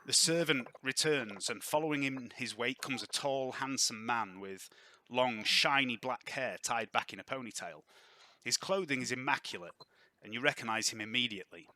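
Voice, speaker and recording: A man narrating a tabletop game as game master, with lively, descriptive delivery. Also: mid-range voice, normal speed.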